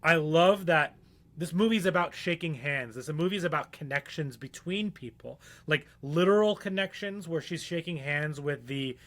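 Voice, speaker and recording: A man co-hosting a podcast in loose, casual chat, his voice sitting high for a man. He rambles, trails off and restarts his sentences with plenty of fillers. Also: moderate pace, a bit bright. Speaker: podcast co-host.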